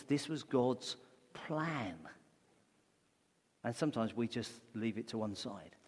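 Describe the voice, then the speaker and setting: A man's voice: mid-range voice, a little mellow, husky. Male preacher in a reverberant hall. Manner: conversational preaching with rhetorical questions. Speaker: pastor. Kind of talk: sermon.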